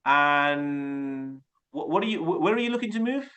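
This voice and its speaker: A man in his forties from Birmingham with a Birmingham accent, Urdu as his first language, coaching a group on a video call in an energetic, chatty way and often restarting his words. He talks through a desktop webcam mic. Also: a little high, normal speed. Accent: Birmingham English. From Birmingham, England. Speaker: sales coach.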